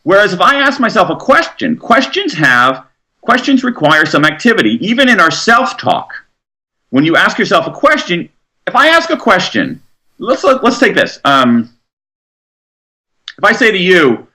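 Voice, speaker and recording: A man being interviewed as an author, explaining research in an animated way and acting out quotes. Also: sits high. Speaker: author guest.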